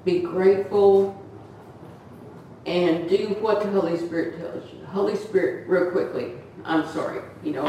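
A woman's voice: mid-range voice, darkish tone. An older woman giving an earnest, rambling testimony in a church meeting, acting out the voices she quotes. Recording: very echoey room, from far off, faint noise.

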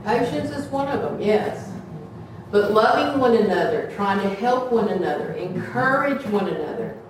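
A woman's voice: medium pitch, lively intonation, moderate pace. A woman with a drawl preaches to a small church in a chatty, folksy way and slips into playful voices when she quotes gossip. She is heard from some distance, and the room rings with heavy echo over a faint hum of ambience. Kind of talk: sermon.

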